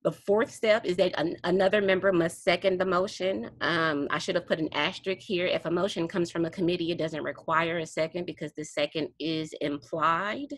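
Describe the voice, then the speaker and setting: A lower-pitched woman with a husky edge teaches a study group over a video call. Her voice is close and dry, with little room sound. She explains steps patiently and breaks into laughter now and then. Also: fairly even intonation, moderate pace, hardly any pauses, dry recording. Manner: explanatory, laughs often, self-correcting. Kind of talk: online teaching session.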